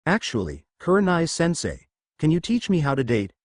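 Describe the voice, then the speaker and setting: A man's voice: fairly high pitch, huge pitch swings, normal speed, no echo, studio quality. Naruto, eager clueless young ninja, read by a man. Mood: shy. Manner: blunt, earnest, a little awkward. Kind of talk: fan fiction story reading.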